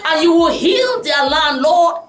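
A woman's voice: extremely high pitch, animated, unhurried. Impassioned woman preacher. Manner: impassioned, rising to shouts, repeating "oh God". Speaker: preacher leading prayer. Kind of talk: sermon and fervent prayer. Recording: echoey room with music behind.

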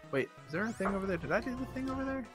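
Play a bright, higher-voiced man cracking jokes. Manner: joking, swearing, quick asides. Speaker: co-host playing a video game. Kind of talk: casual gameplay banter.

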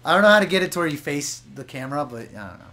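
A young man gives loose, crude, teasing commentary over a video game. His voice sits high for a man, and he keeps the banter going casually. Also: sing-song, racing, bright, forceful tone. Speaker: let's play commentator.

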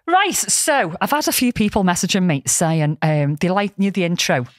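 A woman's voice: lowish voice, animated, moderate pace, dry recording, clean studio sound. A woman with a Scouse accent hosting a podcast, chatting and telling stories with frequent laughs. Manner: chatty storyteller, laughs often. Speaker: podcast host. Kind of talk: casual chat.

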